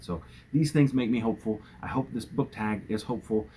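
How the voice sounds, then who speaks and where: A man talking casually and earnestly about books in a home vlog, gentle, with fillers and restarts. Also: lowish voice, fairly quick, few pauses, slight background noise. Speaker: booktuber. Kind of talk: casual book tag vlog.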